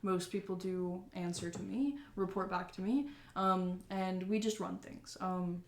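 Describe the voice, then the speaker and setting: A woman's voice: fairly low pitch, fairly even intonation, unhurried, roomy sound. A woman voicing a cheerful, talkative male mayor and company boss in a tabletop game, rambling with fillers. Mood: upbeat. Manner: chatty, upbeat, rambling with fillers.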